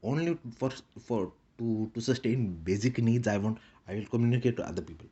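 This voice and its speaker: Husky man with put-on Indian accent. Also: medium pitch, fairly quick, mellow, highs cut off. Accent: put-on Indian English. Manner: repetitive, clipped broken-English phrasing. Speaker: vlogger. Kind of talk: rambling casual monologue.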